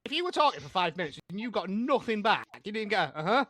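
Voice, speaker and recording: A man's voice: sits high, very animated, fast talker, a bit bright, no room sound, studio quality. A man co-hosting a TV review podcast, joking animatedly and tossing out rhetorical questions. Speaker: podcast co-host. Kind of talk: casual TV review chat.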